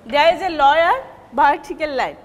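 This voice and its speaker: A woman teacher with a Bangladeshi accent giving a recorded English lecture, repeating and stressing example words deliberately. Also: sits high, expressive, long reverb tail, muffled recording.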